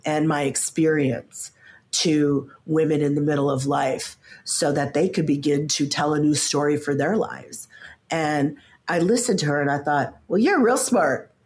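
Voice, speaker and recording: A woman in her fifties with a low, deep voice, chatting as an interview guest. She talks with energy and often repeats the first word while she finds her thought. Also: a little slow. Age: 50s. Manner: animated, stammers at starts, acts out quoted voices. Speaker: podcast guest, coach and author. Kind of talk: casual interview chat.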